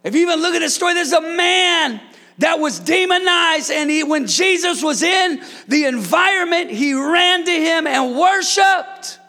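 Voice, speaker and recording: A man preaching a sermon as a pastor in a church, shouting key lines and cracking jokes in between. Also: very high voice, expressive, measured pace. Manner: preaching with shouted emphasis and playful asides.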